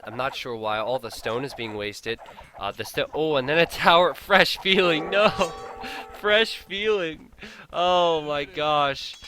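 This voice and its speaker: Bright-voiced man casting a strategy game. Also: mid-range voice, slight background noise. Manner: chatty, incredulous, laughs at blunders. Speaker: game caster. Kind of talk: live esports play-by-play commentary.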